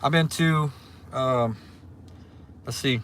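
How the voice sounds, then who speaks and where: A man from Louisiana with a Southern accent, chatting casually on a livestream and reading out viewer comments in a relaxed, drawling way. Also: mid-range voice, slow, a little hiss or hum. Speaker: livestream host.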